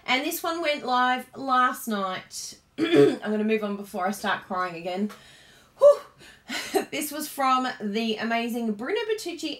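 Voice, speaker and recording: A woman's voice: mid-range voice, fairly bright tone. A woman with an Australian accent chatting casually on a card-making live stream. She gushes and laughs often. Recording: roomy, echoey room sound.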